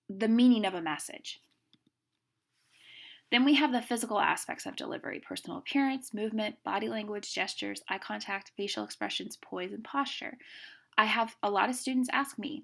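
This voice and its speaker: A middle-aged woman teaching a class on speaking, brisk and emphatic, demonstrating stress and pauses as she goes. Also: medium pitch, lively intonation. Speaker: speech instructor. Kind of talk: classroom lecture.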